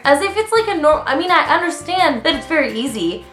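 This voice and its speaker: A young woman from Canada vents about customers in a fast, sarcastic, exasperated way, and she mimics them in mocking voices. Her voice sits fairly high and bounces around an echoey room. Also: animated, fairly bright tone, faint music behind. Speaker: vlogger, waitress. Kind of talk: casual storytelling rant.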